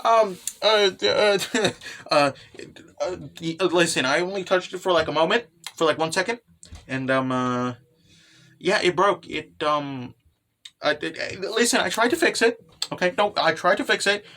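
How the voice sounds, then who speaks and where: A man's voice: a little high, sing-song, moderate pace, pushed and bright. A man voicing a sweet, nervous young wife who stammers and hesitates, in a casual recap. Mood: flustered.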